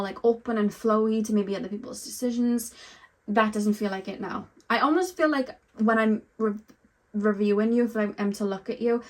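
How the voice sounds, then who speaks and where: Woman, tarot reader, casual chatty delivery addressed to the viewer. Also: medium pitch. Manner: chatty, frequent ums and likes, speaks straight to the viewer. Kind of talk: pick-a-card tarot reading, casual chat.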